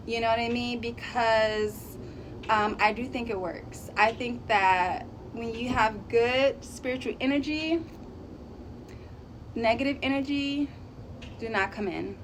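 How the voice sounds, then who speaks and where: A woman vlogger casually telling a spooky story to her viewers, chatty and animated, often laughing and drawing out her words. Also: on the high side, slow, slight background noise.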